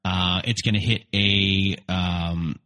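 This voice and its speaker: A man's voice: low voice, fairly even intonation, takes it slowly, pushed and bright, big-room sound. A man hosting a podcast, asking probing interview questions with fillers. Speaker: podcast host.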